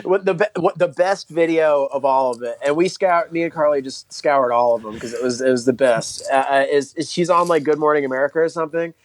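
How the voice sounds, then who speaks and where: Male co-host, slightly high voice, meandering and profane, full of halting restarts. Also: slight background noise. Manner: rambling, halting, profane storytelling. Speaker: podcast co-host. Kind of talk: casual podcast chat.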